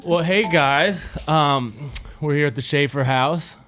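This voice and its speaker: A man's voice: on the high side, fairly bright tone, faint music behind. A man hosting a podcast in a joking, casual chat. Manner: joking, laughing easily, drawn-out. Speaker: podcast host.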